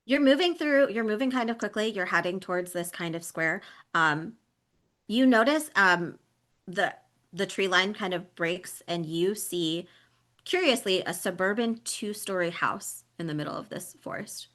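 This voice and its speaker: A woman narrating as game master of a tabletop role-play, describing scenes with frequent ums and pauses. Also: mid-range voice, lively intonation, fairly bright tone. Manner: descriptive, hesitant with many ums.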